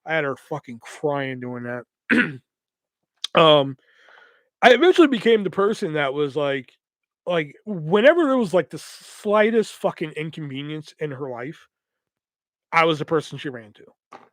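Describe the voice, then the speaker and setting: A man's voice: on the high side, very animated, a little slow, pauses often, no echo. Profane rambling male storyteller. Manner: profane, rambling, acts out quotes in voices. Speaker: podcast host. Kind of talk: casual storytelling.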